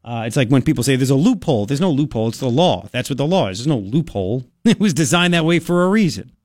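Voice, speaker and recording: Man, talk radio host, rambling and excitable, swooping pitch, dry studio mic. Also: fast talker, dry recording. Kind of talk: animated talk radio banter.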